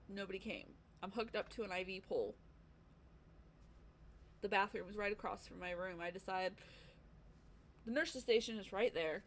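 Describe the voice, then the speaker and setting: A woman in her young adult years speaks candidly to a livestream audience, talking her story through in a plain conversational way. Her voice sits at a middle pitch and now and then she acts out her own thoughts. A faint hiss runs under the recording. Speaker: streamer.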